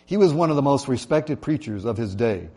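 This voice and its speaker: A man's voice: medium pitch, lively intonation, fairly quick, mellow. A man preaching a sermon in a church, talking in a conversational way with many fillers and building emphasis through lists. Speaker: pastor.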